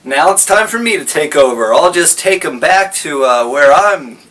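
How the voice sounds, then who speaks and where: A man's voice: a little high, expressive, normal speed, fairly bright tone. A man voicing a sly, pushy male shaman with an overfriendly manner, recorded from a distance. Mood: eager. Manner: eager, overfriendly.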